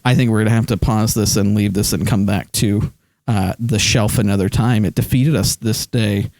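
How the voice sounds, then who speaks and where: A man's voice: fairly low pitch, steady tone, moderate pace, gravelly, a little mellow, dry recording. A man streaming live, chatting casually about his movie collection with lots of ums and restarts, close to his desk microphone. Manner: rambling, many fillers, reads chat aloud.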